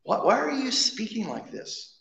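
A man's voice: sits high, huge pitch swings, normal speed, pitched above the performer's own voice. A man voicing anxious male disciples pleading with their teacher, in an echoey hall. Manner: pleading, exasperated. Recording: echoey hall, dull sound.

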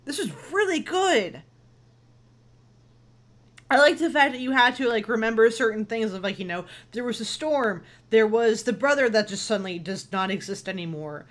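A woman giving casual, excitable commentary while playing a game. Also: fairly high pitch, normal speed. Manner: excitable, exclaiming, chatty. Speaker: let's player.

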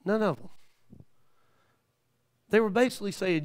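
A man in his fifties preaching a live church sermon, telling stories in a folksy way with many amens. He swings from quiet asides to shouted peaks. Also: sits high, brisk, clean tone. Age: 50s. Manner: folksy, with frequent amens and praise the lord.

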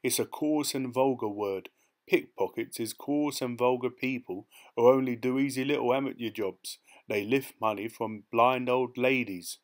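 Guy reading as a cheeky thief bragging, sly and slangy, mid-pitched. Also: steady tone, moderate pace, natural voice. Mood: proud. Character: cocky boastful male London pickpocket, sly. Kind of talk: audiobook character voice.

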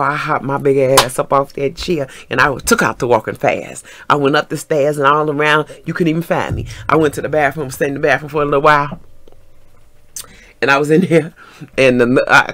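A middle-aged woman, telling a story in an animated vlog storytime, acting out what people said and laughing often. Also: low-pitched, brisk. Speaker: vlogger.

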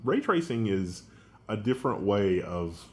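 A man's voice: lowish voice, sing-song, unhurried, a little mellow. A man co-hosting a tech news show who explains hardware details in a casual chat.

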